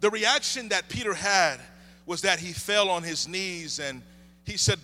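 A man in his thirties delivers a sermon with impassioned emphasis. His voice sits somewhat high and rings with a bright, forward edge. He leans into repeated refrains as he builds. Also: measured pace. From United States. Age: 30s. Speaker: preacher. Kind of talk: sermon with opening prayer.

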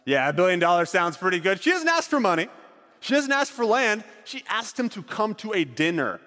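A man's voice: sits high, sing-song, brisk, pushed and bright, big-room sound. A man leading a group through an acted-out Bible story, directing volunteers on stage as he narrates.

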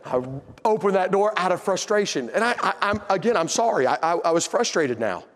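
A man preaching from the pulpit with a strikingly high-pitched voice. He tells a heartfelt personal story and pokes fun at himself. His words ring out with the long reverb of a large church hall. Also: very animated, fairly quick. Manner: emotional, self-deprecating storyteller.

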